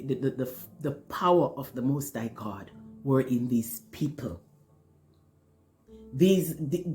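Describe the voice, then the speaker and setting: Earnest storyteller, moved by their own story, middle pitch, soft music under the talk. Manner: earnest, emotional, repeats words while searching. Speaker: spiritual storyteller. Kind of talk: personal spiritual testimony.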